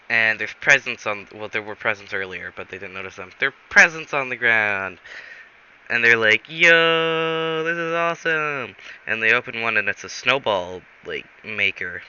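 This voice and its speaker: A man's voice: on the low side, moderate pace, sharp tone, clear, resonant tone. Rambling man telling a goofy story. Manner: rambling, self-correcting, many fillers. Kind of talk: improvised comic story narration. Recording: dull recording with faint hiss.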